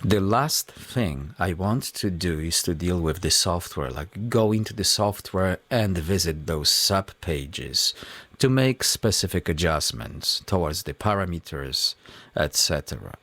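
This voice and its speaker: A man hosting a music production tutorial, explaining each step in a measured, methodical way. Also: deep voice, expressive, fairly bright tone, dry recording. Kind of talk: tutorial walkthrough.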